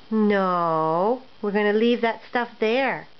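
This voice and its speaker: A mother in a casual home video, gently coaxing her toddler with short repeated phrases in a sing-song voice. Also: medium pitch, expressive, extremely slow, clean tone. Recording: dull lo-fi home recording, faint room noise.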